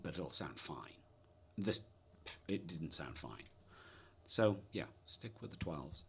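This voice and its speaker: A man's voice: sits low, a little hiss or hum. A man reviewing an acoustic guitar in a casual, musing way, wandering into asides while he talks it through. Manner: thoughtful, musing, with trailing asides. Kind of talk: casual gear review talk. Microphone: dynamic supercardioid about half a metre away.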